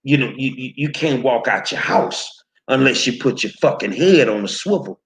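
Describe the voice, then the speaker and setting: A man's voice: medium pitch, lively intonation, normal speed, fairly bright tone. A man hosting his own show, delivering heated, profane commentary straight at his viewers, confrontational and stumbling over repeated words. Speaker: show host.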